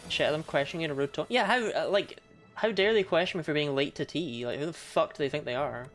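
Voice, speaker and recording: A woman's voice: low voice, quick pace, soft background music. A young woman casually commenting on a video game she is playing, chatty, swearing freely and laughing often. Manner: reads game text aloud.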